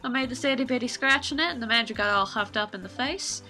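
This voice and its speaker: A woman voicing a loud, excitable young female photographer in a game, with a folksy country drawl. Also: high voice, brisk, faint music behind, voice pushed up, exaggerated voice. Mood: brash.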